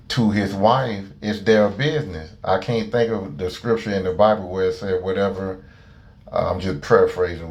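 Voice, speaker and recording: Rambling low-voiced man giving commentary. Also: a little mellow, muffled recording. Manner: rambling, hesitant, preachy. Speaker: video commentator. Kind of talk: casual commentary.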